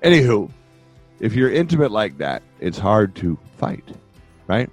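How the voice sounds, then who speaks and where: A man's voice: lowish voice, big pitch swings, measured pace, faint music behind. An older man hosting a podcast, giving relationship advice in a rambling, joking way that keeps wandering off on tangents. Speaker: podcast host. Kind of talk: casual advice monologue.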